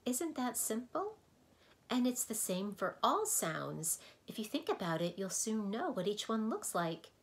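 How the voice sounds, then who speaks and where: A woman's voice: on the high side, sing-song, a little slow, pitched above the performer's own voice. A woman voicing a prim, stubborn woman who keeps sounds, in a storybook read-aloud. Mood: cheerful. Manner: prim, bossy.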